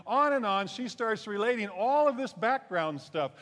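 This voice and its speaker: A man preaching a sermon in a conversational way, rising for emphasis and then dropping low. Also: expressive, moderate pace, hardly any pauses, a bit bright. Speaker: pastor. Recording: long hall reverb.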